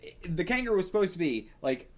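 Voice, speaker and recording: A man's voice: high voice, very animated, fast talker. A man hosting a manga reaction video, talking casually to himself, swearing and laughing often.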